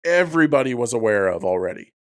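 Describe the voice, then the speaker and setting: A man's voice: mid-range voice, sing-song, fast talker. A man with a mid-range voice co-hosts a casual film chat. He sounds laid-back, swears easily, and argues his opinion at length. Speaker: podcast co-host.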